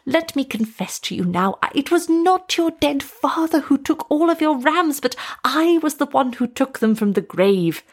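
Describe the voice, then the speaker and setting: A woman voicing a frightened, pleading old male witch doctor in a storybook reading, drawing his words out high and slow. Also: expressive. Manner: high, drawn-out, pleading delivery.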